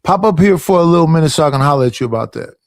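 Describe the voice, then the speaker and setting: A man's voice: on the high side, lively intonation, very fast, no room sound. A man hosting a casual livestream, talking in a slangy, profane and emphatic way as he calls people up and rants. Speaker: livestream host.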